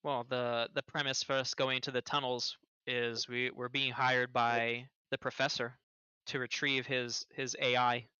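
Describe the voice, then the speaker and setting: A man's voice: mid-range voice, little pitch movement, a little slow, sharp tone, smooth, no room sound. A man voicing a blunt, practical male adventurer, matter-of-fact, on a dull, dry mic.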